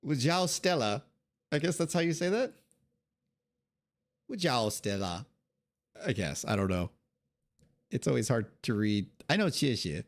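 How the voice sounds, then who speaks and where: A man streaming a game, tossing off sarcastic jokes in casual commentary. His voice is mid-pitched and swings up and down expressively. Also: sing-song, brisk, creaky. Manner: sarcastic, joking asides. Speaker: gaming streamer.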